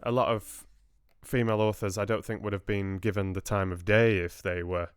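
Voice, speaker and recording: A man's voice: on the low side, little pitch movement, normal speed, clear, resonant tone, no room sound, clean studio sound. A man hosting a casual livestream book club, chatting and rambling to viewers with laughs.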